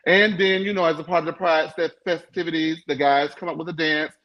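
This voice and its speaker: A man's voice: a little high, steady tone, fairly quick, dull audio. A man hosting a live recap panel, talking in a sassy, playful way, breaking into chants and teasing his co-hosts. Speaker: panel host.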